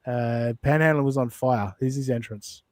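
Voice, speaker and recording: A man's voice: mid-range voice, moderate pace, dry recording. A man hosting a casual commentary podcast, blunt and profane as he talks. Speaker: podcast host.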